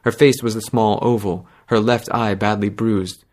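A man narrating a fantasy story in a measured, dramatic reading. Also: lowish voice, steady tone, a little mellow.

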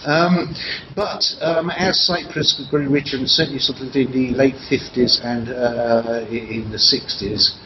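An older man giving an academic lecture, pausing often with ums and restarting his phrases. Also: mid-range voice, steady tone. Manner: halting, many ums and restarts. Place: lecture room. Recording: dull, noisy lecture recording.

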